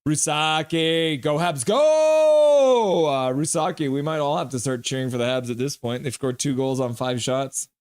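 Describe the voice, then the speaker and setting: A man hosting a live stream, reacting to a game and joking with his chat in an animated way. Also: medium pitch, brisk, hardly any pauses, dry recording, studio quality.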